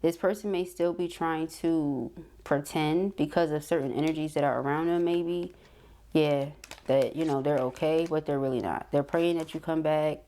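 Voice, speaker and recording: Low, mellow-voiced woman reading tarot. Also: steady tone, normal speed. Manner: reads card messages aloud, adds reassuring asides like "okay?". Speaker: tarot reader.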